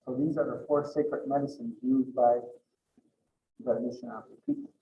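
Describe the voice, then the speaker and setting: A man's voice: mid-range voice, fairly even intonation, normal speed. A man giving a conversational teaching talk with storytelling, often repeating words and restarting his sentences. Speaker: cultural educator. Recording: roomy slightly dull recording, faint noise.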